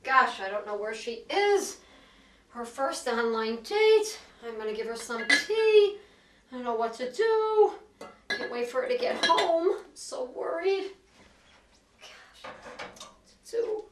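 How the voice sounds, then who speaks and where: A woman's voice: sits high, very animated. An actress playing an anxious adult daughter who frets and pleads with her mother in a comedy sketch. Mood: fretting. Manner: fretting, pleading, rapid worrying. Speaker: comic character. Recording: echoey room, mic far off, faint noise.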